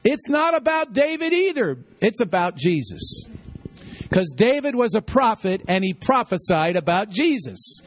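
A man's voice: sits high, sing-song, unhurried, a little hiss or hum. A man preaching a sermon, teaching with call-and-response and repeating key lines for the congregation. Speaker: pastor.

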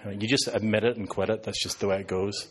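A man's voice: on the low side, fairly even intonation, quick pace, a bit bright. Northern Irish man, 50s, pastor; sarcastic, joking preacher working the crowd. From Northern Ireland. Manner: joking, sarcastic asides to an audience. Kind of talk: sermon.

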